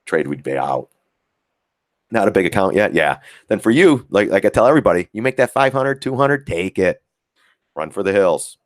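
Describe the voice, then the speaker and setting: A man's voice: fairly low pitch, expressive, a little fast, dry recording, clean studio sound. A man hosting a trading livestream in casual, rambling chat, heavy on filler words and repeats. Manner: acts out quoted voices, chuckles often. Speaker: stock trading livestream host.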